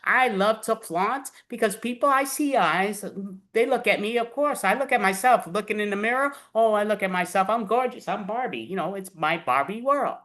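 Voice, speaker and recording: A woman's voice: lively intonation, normal speed, close to an everyday voice. A woman voicing a vain, bubbly young woman doll who adores herself, gushing and preening. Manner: gushing, preening, high and bright.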